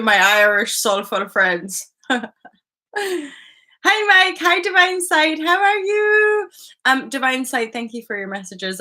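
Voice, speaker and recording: Woman, live-stream host, bright, tense edge, rambling and chatty. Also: mid-range voice. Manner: rambling, chatty, greets viewers by name. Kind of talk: casual live-stream chat.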